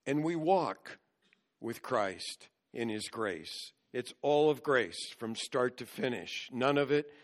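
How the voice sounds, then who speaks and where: Male preacher, mid-pitched, earnest expository delivery, walks the text verse by verse. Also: expressive, slow. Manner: earnest expository teaching, explaining scripture verse by verse. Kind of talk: sermon.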